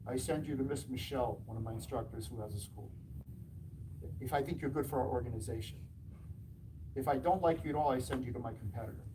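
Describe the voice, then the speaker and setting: A martial arts school owner speaks to a live audience, spinning animated anecdotes and playing every part in the dialogue himself. His voice sits at a medium pitch. The mic picks him up from some distance, with plain room noise underneath. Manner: animated anecdotes, acting out quoted dialogue with laughs. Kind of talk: storytelling talk to an audience.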